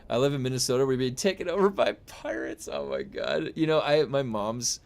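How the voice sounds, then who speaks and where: A man's voice: mid-range voice, sing-song, brisk. A young adult man streaming, chatting casually with viewers in a rambling way full of fillers and restarts. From United States. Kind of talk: casual chat reading viewer comments.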